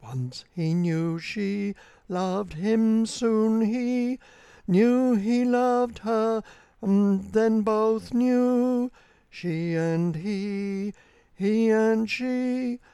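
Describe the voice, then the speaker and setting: Slow, mellow reader of a verse tale. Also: mid-range voice, clear, resonant tone, no room sound, studio quality. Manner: lilting, rhythmic, unhurried. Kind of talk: recited verse narration.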